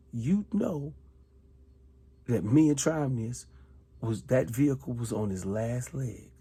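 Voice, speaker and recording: Here a middle-aged retired soldier, husky and mid-range in voice, berates one person in a repetitive monologue. He swings back and forth between loud outbursts and hushed asides.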